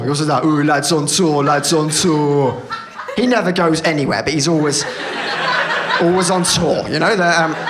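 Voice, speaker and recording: A man doing stand-up comedy on a theatre stage. He rambles and puts himself down, with many stammered restarts. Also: on the high side. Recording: live theatre recording with noise.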